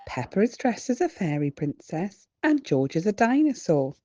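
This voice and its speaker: A British woman reading a children's storybook aloud, slow and expressive. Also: mid-range voice, lo-fi sound. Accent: British English. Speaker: children's book reader.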